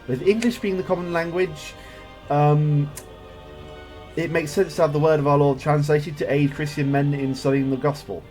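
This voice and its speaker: A man's voice: fairly high pitch, steady tone, normal speed, a little mellow, soft background music. A man casually commentating his own strategy game play as he thinks aloud, with jokey asides. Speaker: gameplay streamer. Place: home setup, recorded live on a voice chat.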